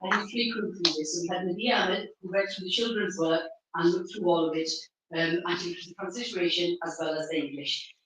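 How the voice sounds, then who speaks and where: Woman speaking haltingly in an echoey hall. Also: lowish voice, steady tone, very noisy. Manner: halting, with many fillers and restarts. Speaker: event organizer and host. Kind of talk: live speech to an audience. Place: event venue before a live audience. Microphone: stand microphone. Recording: very echoey hall, mic far off.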